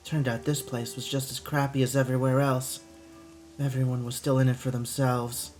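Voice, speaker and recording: A man voicing a weary, cynical young woman in a video game, reading her dialogue aloud in a flat, subdued way during a live stream. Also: medium pitch, moderate pace, faint music behind, close to an everyday voice. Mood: bitter, weary.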